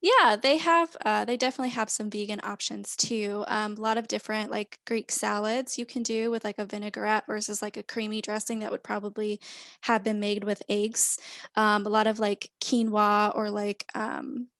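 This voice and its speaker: An easygoing woman recounts her experiences in a chatty, conversational flow as a podcast guest. Her voice sits at a typical middle pitch. It is recorded close and dry, with no room echo. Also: flat delivery, normal speed, fairly bright tone. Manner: chatty, easygoing, laughs between stories. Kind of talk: casual conversational storytelling.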